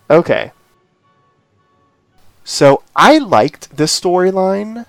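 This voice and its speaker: A man's voice: medium pitch, slow pace, clear, resonant tone, no echo. A male host retells a TV episode in a loose, meandering way, leaning on filler phrases as he goes. He takes his time and gives his opinions with emphasis. His voice is recorded close and dry, with no room sound. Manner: rambling retelling full of "you know" and "this, that, or the other". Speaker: podcast host. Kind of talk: casual chat recapping a TV episode.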